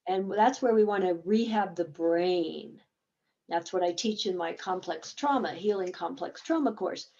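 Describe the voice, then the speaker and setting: A woman's voice: on the low side, measured pace, mellow, highs cut off. A woman therapist explaining a game in a conversational teaching talk, acting out bits of dialogue as examples.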